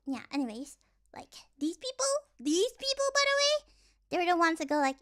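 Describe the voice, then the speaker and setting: A young woman chats casually on her stream. She is playful and giggles often, and she trips over words in a jokey way. Her voice is extremely high and bright. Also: big pitch swings, moderate pace.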